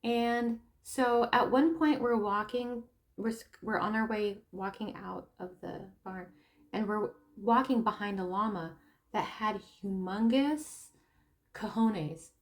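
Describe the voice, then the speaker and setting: A woman talking casually to camera, telling a story in an animated way and often stopping to laugh and add asides. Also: mid-range voice, slow pace. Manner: animated storytelling, acting out quoted people. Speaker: tarot reader and spiritual coach. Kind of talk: casual opinion monologue.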